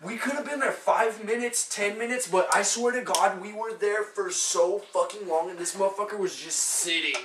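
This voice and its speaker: Seated on a couch in a shared room, a young podcast co-host chats casually and spins long, foul-mouthed stories, animatedly voicing the quotes of the people involved. His voice is high, his pace moderate with few pauses, and the echoey recording is far from the mic, with background noise.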